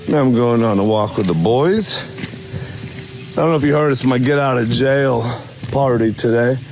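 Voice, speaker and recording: A man filming a hype-filled vlog as a fitness influencer, pumped up and jumping around in pitch. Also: normal speed, background noise. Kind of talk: hype self-filmed vlog.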